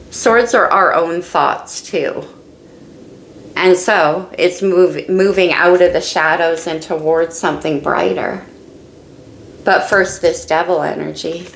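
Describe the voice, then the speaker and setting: A woman's voice: on the low side, gravelly, echoey room, a little hiss or hum, rough recording. A woman doing a casual tarot reading, musing and thinking aloud as she turns each card. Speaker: tarot reader.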